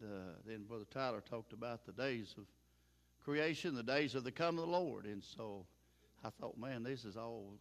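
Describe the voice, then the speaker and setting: An older man preaching a sermon in a folksy, plain-spoken way, chuckling now and then. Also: mid-range voice.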